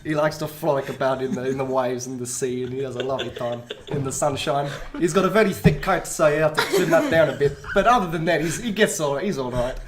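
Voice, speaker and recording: A man's voice: mid-range voice, fast talker, hardly any pauses, crowd noise, lightly acted. A man voicing a jokey South African man who keeps a pet water buffalo, in a put-on South African accent. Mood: playful. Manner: jokey, laughing between lines.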